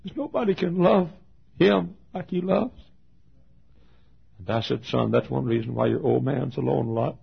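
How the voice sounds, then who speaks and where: An older male pastor preaches in a folksy, storytelling way, his voice gravelly and a little husky. His pitch moves a lot, rising into loud, pleading passages and dropping to hushed asides, on a dull, lo-fi sermon recording. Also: expressive, moderate pace, long pauses. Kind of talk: sermon with acted quotes. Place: auditorium.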